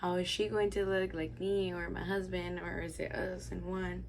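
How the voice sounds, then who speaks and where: Young woman, casual vlog chat, rambling and chatty, gravelly fry, faint background noise. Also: on the low side, little pitch movement, normal speed. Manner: chatty, rambling, lots of "like" fillers. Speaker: beauty vlogger. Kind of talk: casual makeup tutorial and storytime.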